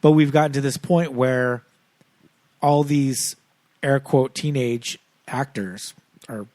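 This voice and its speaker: A man co-hosting a casual podcast chat, animated and laughing often, with lots of fillers. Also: medium pitch, slow, dry recording. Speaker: podcast co-host.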